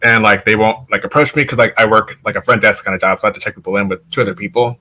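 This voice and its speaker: Bright-voiced man chatting as a guest. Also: fairly low pitch, steady tone, very fast. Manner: chatty, lots of "like", laughs while telling stories. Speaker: podcast guest. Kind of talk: casual conversation.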